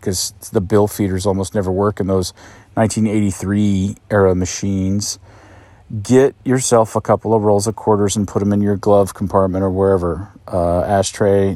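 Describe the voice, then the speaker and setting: Male podcaster, casual and self-mocking, slightly low voice, dry close sound, outdoor campsite. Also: darkish tone, dry recording. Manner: joking, self-mocking, scolds his dog. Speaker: podcast host on the road. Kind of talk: casual rambling monologue. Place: outdoors at a campsite in a state park.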